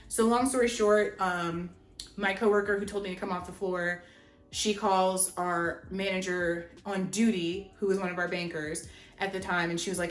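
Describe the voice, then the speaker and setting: A young woman telling a storytime vlog, animated and chatty, with lots of "like". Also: on the low side, moderate pace. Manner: animated, chatty, heavy use of "like". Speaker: vlogger. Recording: roomy echo, faint music. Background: faint background music.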